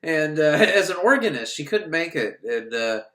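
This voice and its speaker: A man recaps an old film in a casual, sarcastic way, acting out bits of scenes as he goes. His voice sits a little high and swings lively up and down. The recording has a roomy echo. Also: normal speed. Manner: sarcastic, animated, acts out scenes. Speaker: film reviewer.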